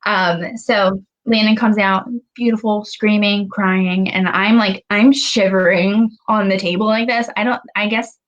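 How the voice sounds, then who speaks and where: A young woman recounts a personal story as a podcast guest. She talks fast and chatty, with many "like" fillers, at a mid pitch. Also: fairly even intonation, muffled recording.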